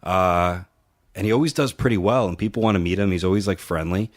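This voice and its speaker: Low-voiced man telling rambling stories. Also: brisk. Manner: profane, rambling anecdotes acting out quotes. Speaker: podcast co-host, wrestling promoter. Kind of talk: casual storytelling.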